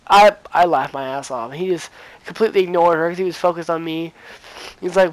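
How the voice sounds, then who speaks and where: A man's voice: on the high side, fairly even intonation, moderate pace, clear, resonant tone, no echo, rough recording. A teenage boy vlogging, rambling through a story with lots of fillers and acted-out dialogue. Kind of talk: casual storytime.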